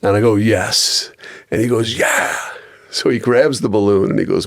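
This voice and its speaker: A middle-aged man with a very low voice tells stories as a podcast guest. He rambles, restarts his sentences and acts out the people he quotes. He is recorded close and dry on a podcast mic. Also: moderate pace, vocal fry, no room sound. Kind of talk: casual podcast storytelling.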